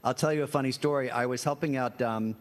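A priest in his sixties, a guest on a comedy quiz show, answers interview questions with anecdotes and self-deprecating chuckles. His voice is medium-pitched and he talks fast.

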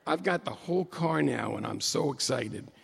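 A middle-aged man telling a humorous personal story to an audience, animated and excitable, with jokey asides. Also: medium pitch, moderate pace, vocal fry, breathy edge, in a large hall.

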